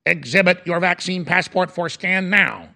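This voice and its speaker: A man voicing a cold, authoritarian male police robot that gives orders in a flat monotone. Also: high-pitched, moderate pace, creaky, heavily acted. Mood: commanding.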